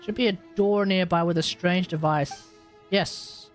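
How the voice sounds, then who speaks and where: A man's voice: high-pitched, steady tone, measured pace, soft background music. An Australian man streaming a game, chatting and joking in a casual, rambling way. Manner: chatty, joking, restarts often. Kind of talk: casual gameplay commentary.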